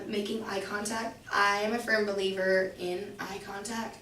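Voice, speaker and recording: A woman's voice: mid-range voice, fairly bright tone, slight background noise. A young woman presenting a workshop to a small class, chatty with many fillers and questions to the room. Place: classroom of about eighteen people. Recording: echoey room, recorded from a distance.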